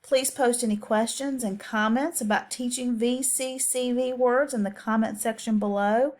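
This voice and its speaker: A woman's voice: a little high, fairly even intonation, moderate pace, a little mellow. A woman teacher giving a patient, step-by-step instructional voice-over on reading skills, with occasional ums.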